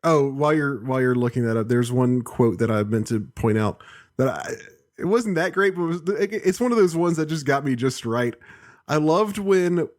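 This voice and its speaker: A man's voice: medium pitch, normal speed. A man co-hosting a podcast, chatting casually about a cartoon and acting out quotes with frequent laughter. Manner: laughs often, acts out quotes with lively voices. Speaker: podcast co-host. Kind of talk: casual chat recapping a cartoon episode.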